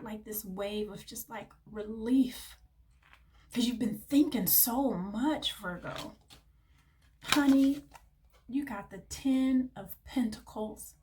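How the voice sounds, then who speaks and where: A woman's voice: on the high side, takes it slowly, noisy background. A woman giving a tarot reading to her viewers, gushing and affectionate, calling the listener honey and baby. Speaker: tarot reader.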